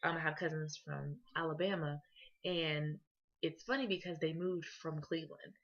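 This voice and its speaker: A young woman from Columbus, Ohio, gives a casual class presentation as a student in a low-pitched voice at a moderate pace. She talks conversationally with many fillers and "you know"s, on a dull lo-fi recording.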